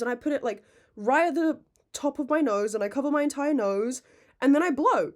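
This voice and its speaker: Chatty young woman rambling. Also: high voice. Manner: rambling and animated, swearing freely; self-mocking, quick to laugh. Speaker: podcast host. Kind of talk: casual chat.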